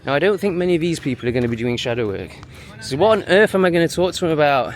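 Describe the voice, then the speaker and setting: A man's voice: on the high side, very animated, very fast, slight background noise. A man talking in a walking vlog, dismissive and sneering, out on a busy street. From England. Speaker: vlogger.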